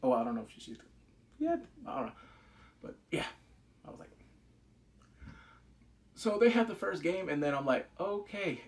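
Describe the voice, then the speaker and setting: A man giving a casual spoken review of a series, excitable and rambling, swearing freely and acting out quoted lines. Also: a little high, normal speed, pauses often. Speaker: show reviewer.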